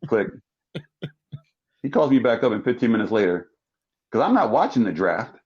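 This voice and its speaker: Man, 60s, from South Jersey, animated storyteller, low voice, dull lo-fi recording. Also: moderate pace, pauses often. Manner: acts out quoted people with big pitch jumps. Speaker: talk show guest, former football player.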